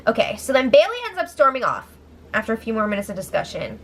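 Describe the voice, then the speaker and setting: A woman with a slightly high voice recaps reality-TV drama in a casual, chatty way. She breaks in with sarcastic, incredulous comments. Faint noise sits under her voice. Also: sing-song, fast, a bit bright. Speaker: show recap host.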